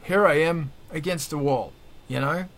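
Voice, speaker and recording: An energetic, jokey man hosts a casual panel chat and keeps it moving. His voice sits a little higher than most men's. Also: normal speed. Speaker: host.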